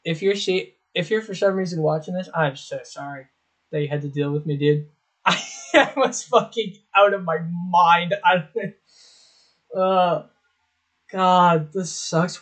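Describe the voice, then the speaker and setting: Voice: mid-range voice, unhurried, a bit bright, poor audio. A young adult vlogger giving casual reaction commentary on old clips, swearing often, mocking themself and laughing.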